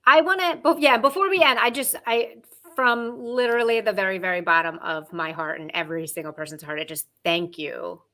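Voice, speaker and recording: A woman's voice: mid-range voice, fairly quick, pushed and bright. A woman hosting a podcast, earnest and gushing, with a playful sarcastic streak. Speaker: podcast host. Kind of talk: casual podcast chat.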